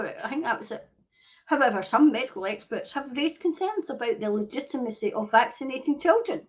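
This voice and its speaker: A woman hosting a commentary show, reading news aloud and breaking into angry, swearing rants full of rhetorical questions, with occasional coughs. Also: on the high side. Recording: dull lo-fi home recording.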